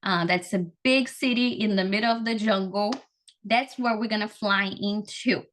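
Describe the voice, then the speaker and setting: This language and culture trainer from Amazonas, Brazil, whose first language is Portuguese, has a medium-pitched, slightly bright voice with a steady tone and moderate pace. Over a video call with a little hiss or hum, she leads call-and-repeat drills in an encouraging, upbeat, chatty way.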